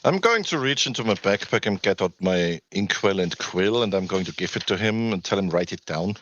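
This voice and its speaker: A man's voice: on the low side, animated, fairly quick, a bit bright, dull audio, slight background noise. A man playing a tabletop game, joking and bantering crudely with the table. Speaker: player.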